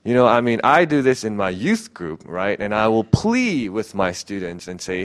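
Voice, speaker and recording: A man's voice: fairly low pitch, big pitch swings, moderate pace, hardly any pauses, clear, resonant tone. A young man preaching a casual, earnest sermon as a youth pastor, pleading, with many fillers and restarts.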